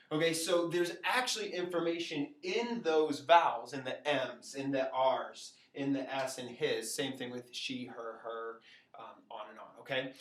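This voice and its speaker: A man gives a relaxed whiteboard lesson, chatty and full of little asides. His voice sounds roomy and echoey, picked up from some distance by the camera. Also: mid-range voice. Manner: chatty and informal, with many fillers and asides to the viewer. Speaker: Latin teacher. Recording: echoey room, far from the mic.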